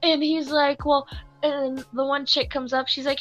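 A woman's voice: sits high, flat delivery, moderate pace, fairly bright tone, dull audio, soft background music. A young woman who works as a cashier, telling a story in casual chat, acting out customers and laughing along.

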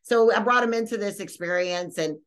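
Rambling animated woman host. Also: medium pitch, normal speed. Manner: rambling, animated, lots of fillers and restarts. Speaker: podcast host. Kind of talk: casual storytelling.

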